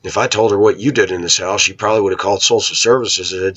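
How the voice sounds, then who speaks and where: A man's voice: sits low, fairly even intonation, quick pace, a bit bright, husky, lo-fi sound. A middle-aged man with a blunt, ranting manner, talking casually to viewers in a vlog. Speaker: vlogger.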